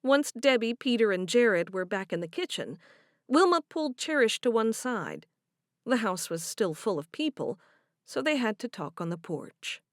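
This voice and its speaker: A woman's voice: on the high side, sing-song, moderate pace, no echo, clean studio sound. A woman reading a novel aloud as an audiobook narrator, giving each character a voice.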